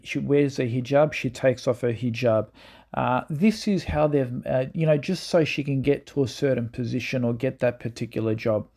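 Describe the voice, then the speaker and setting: A man's voice: medium pitch, dark tone. A man giving spoken commentary on political clips, rambling with many fillers and laughing at his own points. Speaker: online commentator.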